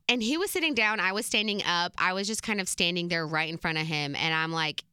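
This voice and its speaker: A woman's voice: medium pitch, animated, normal speed, pushed and bright, clear, resonant tone, no echo, studio quality. A young woman telling a personal story in a candid, emotional way, with many "like" fillers. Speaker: vlogger. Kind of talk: storytime monologue.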